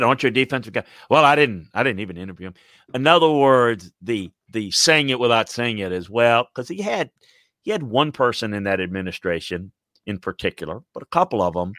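A man in casual sports talk, rambling and animated with many restarts. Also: fairly low pitch, no room sound, clean studio sound. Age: older. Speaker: sports commentator.

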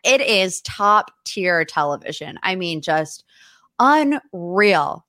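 A woman in her late twenties from the United States, hosting a podcast in casual chat, chatty and gushing, with quick asides. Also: on the low side, sing-song, sharp tone, no echo, clean studio sound. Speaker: podcast host. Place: studio office.

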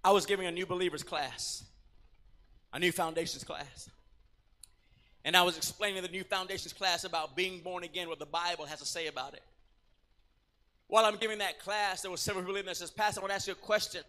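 A middle-aged man from Puerto Rico, a pastor preaching a sermon, telling stories dramatically and rising to shouts. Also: high voice, steady tone, a little fast, pauses often, in a large hall. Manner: dramatic storytelling, acting out scenes, rising to shouts. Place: church.

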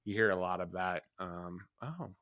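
A man's voice: low-pitched, normal speed, fairly bright tone, no room sound, clean studio sound. A man co-hosting a podcast in casual chat, hesitant with many restarts. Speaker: podcast co-host.

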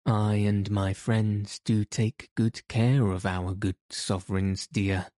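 A man's voice: on the low side, little pitch movement, takes it slowly, warm tone, no room sound, studio quality. A man voicing Little John, a big, bold outlaw forester who blusters and threatens in old-fashioned speech. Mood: angry. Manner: archaic bragging speech, threatening.

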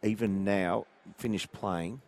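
A man, a former player, reflecting on the ground with soft laughs. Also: on the low side, fairly even intonation, takes it slowly. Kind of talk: sports radio chat.

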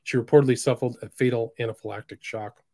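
A man of middle pitch hosts a solo podcast, reading posts aloud in a mostly flat delivery. He breaks into sudden loud, emphatic bursts. The sound is dry and close, with no room around it. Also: fast, no echo. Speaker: podcast host.

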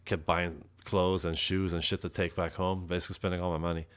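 A man's voice: flat delivery, brisk, fairly bright tone, clear, resonant tone. Laid-back, profane man telling stories. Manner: profane, laid-back, acts out quotes with rising pitch. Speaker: podcast guest, metal musician. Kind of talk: casual storytelling interview.

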